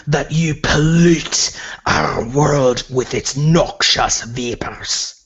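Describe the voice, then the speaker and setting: Man doing a gruff, menacing werewolf elder. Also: on the high side, very slow, fairly bright tone, heavily acted. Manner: gruff put-on accent, threatening. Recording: muffled lo-fi recording.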